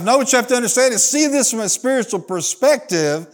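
This pastor preaches with a very high-pitched voice that swings widely, at a normal speed. He draws call-and-response from his congregation and plays the people in his stories.

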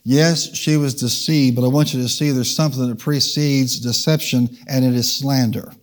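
A man's voice: medium pitch, fairly even intonation, moderate pace. A man preaching a sermon, leading the congregation in call-and-response and changing his pace for emphasis. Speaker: pastor. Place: church.

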